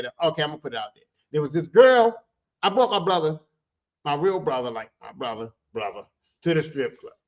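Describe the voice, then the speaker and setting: A podcast host telling a casual story in streetwise slang with heavy cursing, and his voice shoots up when he retells the heated parts. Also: lo-fi sound. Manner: animated, jumps high when retelling heated moments.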